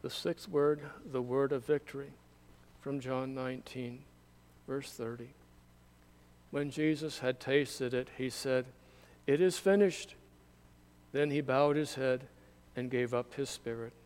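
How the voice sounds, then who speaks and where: A man reading scripture aloud at a candle service, in a measured, solemn way. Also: medium pitch, flat delivery, darkish tone. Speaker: scripture reader.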